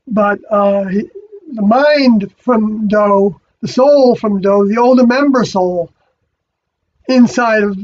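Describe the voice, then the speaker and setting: A speaker giving a rambling spiritual monologue, halting and often stopping to correct themself. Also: mid-range voice, a little mellow. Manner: halting, many fillers and restarts, self-correcting. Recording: dull lo-fi recording.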